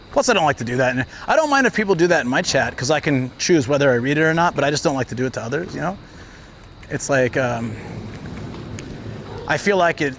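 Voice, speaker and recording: A man's voice: fairly high pitch, fairly bright tone. A man livestreaming while walking outdoors, telling stories in a rambling way with lots of fillers. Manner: rambling storytelling with frequent fillers. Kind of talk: casual walking livestream chat. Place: outdoors on city streets. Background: traffic and city ambience.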